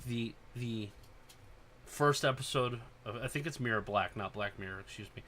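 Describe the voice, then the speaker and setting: Bright-voiced man in casual chat. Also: medium pitch, moderate pace, a little hiss or hum. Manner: excited, profane, loud when acting out scenes. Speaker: podcast host.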